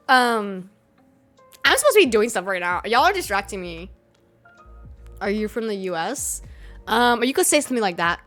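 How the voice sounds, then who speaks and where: A woman's voice: mid-range voice, big pitch swings, moderate pace, long pauses, fairly bright tone, soft background music. Chatty young American woman streamer. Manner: chatty, laughs often, swears casually. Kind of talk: casual chat with live chat.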